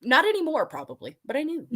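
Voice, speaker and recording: Woman, fairly high voice, giggly, rambling, swears a lot, casual storytelling. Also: wildly swooping pitch, moderate pace. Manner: giggly, rambling, swears freely, many fillers. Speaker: guest, haunt actor and burlesque performer.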